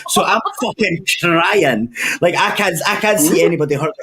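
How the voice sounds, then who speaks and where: A man's voice: on the high side, moderate pace, pushed and bright, slightly rough. A man with a Scottish accent, telling long sweary stories in a casual chat among friends. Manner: sweary, rambling storyteller.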